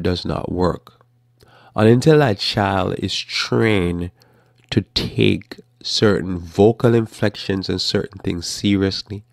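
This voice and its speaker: Deep gravelly man giving an animated talk. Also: no echo, studio quality. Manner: animated, acts out parents and children in quick asides. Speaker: Bible teacher hosting a live talk program. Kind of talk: informal live sermon-style talk.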